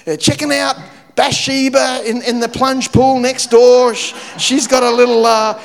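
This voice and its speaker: A man preaching a sermon, telling a story with lively shifts between loud punchy lines and low, quiet, weighty ones. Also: unhurried, in a large hall. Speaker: pastor.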